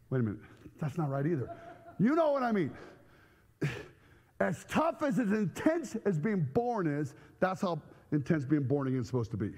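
A man preaching a sermon to a church congregation, telling comic stories with loud outbursts. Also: high voice, long reverb tail. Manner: animated storytelling with comic outbursts. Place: church sanctuary.

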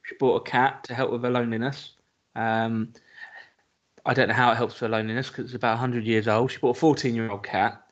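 A man's voice: medium pitch, flat delivery, fast talker, lo-fi sound. A man co-hosting a podcast, talking in casual chat with dry, wry remarks. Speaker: podcast co-host.

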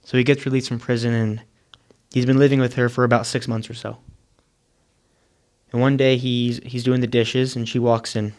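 A man's voice: medium pitch, flat delivery, moderate pace, a little mellow. Earnest man telling a moral story. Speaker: speaker. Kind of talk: inspirational sermon storytelling.

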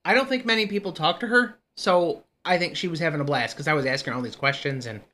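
A man's voice: fairly high pitch, fast talker, bright, forceful tone. A man co-hosting a casual podcast, telling rambling, jokey stories on a mic he shares with his co-hosts. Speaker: podcast co-host. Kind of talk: casual chat. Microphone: one mic shared among hosts.

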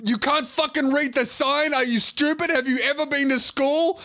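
A man voicing a fed-up middle-aged male bus driver who yells and swears at his passengers. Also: fairly even intonation, moderate pace, exaggerated voice. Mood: furious. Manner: yelling, swearing, raised high.

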